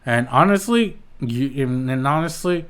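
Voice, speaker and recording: A man of middling pitch rants alone on his podcast, heated and blunt. He rambles, restarts his sentences and swears freely as he pushes his point. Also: expressive, a little slow, fairly bright tone, clean tone. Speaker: podcast host. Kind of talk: solo podcast rant.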